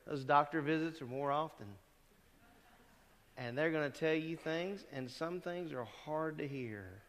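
Man preaching in a reverberant hall. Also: fairly high pitch. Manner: conversational preaching, asks the congregation questions. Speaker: pastor. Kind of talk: sermon. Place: church sanctuary.

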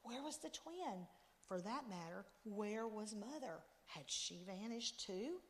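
A woman's voice: medium pitch, slow. Woman reading a story in a church. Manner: expressive storytelling. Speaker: story reader. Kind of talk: reading a Christmas story aloud. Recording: long reverb in a church.

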